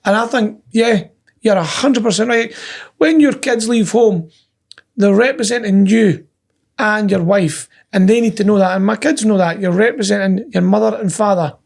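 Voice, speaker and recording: A man co-hosting a business podcast, telling stories in a casual, animated way and acting out the quotes. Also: high-pitched, moderate pace, gravelly. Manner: animated storyteller who acts out quotes. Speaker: podcast co-host. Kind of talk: casual chat.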